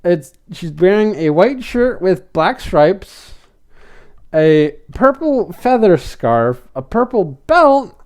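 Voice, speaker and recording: A podcast host with a high, slightly mellow male voice casually recaps a cartoon episode. He rambles as he goes, repeating filler words.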